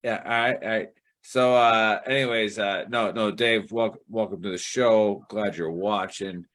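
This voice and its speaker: A man's voice: on the low side, steady tone, measured pace, a bit bright. A man hosting a casual sports betting podcast, talking in a rambling way and swearing casually. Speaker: show host.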